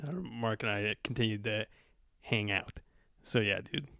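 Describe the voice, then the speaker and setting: A man's voice: fairly low pitch, measured pace, gravelly, bright, forceful tone, dry recording, studio quality. A man hosting a podcast, telling a story in a laid-back, rambling way. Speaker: podcast host. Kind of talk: casual storytelling chat.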